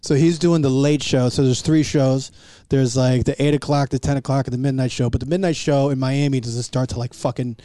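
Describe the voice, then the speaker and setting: A man's voice: mid-range voice, a little fast, dry recording, clean studio sound. A man who is a stand-up comedian, telling profane stories in a casual chat and acting out the people in them. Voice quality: profane, animated storyteller who acts out voices. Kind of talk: casual podcast chat among comics.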